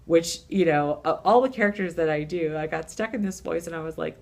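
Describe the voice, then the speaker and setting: A middle-aged woman puppeteer telling stories in a casual interview, animated and laughing, acting out voices. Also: on the low side, brisk, gravelly. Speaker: puppeteer guest.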